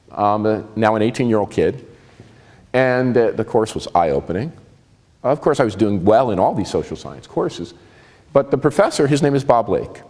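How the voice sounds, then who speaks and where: A man in his sixties from New Jersey with a New Jersey accent, telling personal stories in a lively, conversational and self-mocking way. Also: medium pitch, in a large hall. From New Jersey, USA. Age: 60s. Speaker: speaker giving a talk. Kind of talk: personal storytelling talk.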